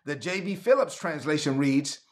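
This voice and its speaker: A man delivers a sermon with a voice sitting a touch high for a man. He reads scripture aloud and slips into animated voices to act out the stories, speaking to an online audience. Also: moderate pace. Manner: animated, acts out Bible scenes in voices. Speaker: pastor.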